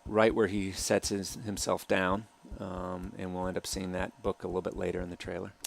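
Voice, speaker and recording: Low gravelly man, hesitant director. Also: completely flat delivery, moderate pace. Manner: soft-spoken, hesitant with many ums and uhs. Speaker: film director. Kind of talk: commentary over a film trailer.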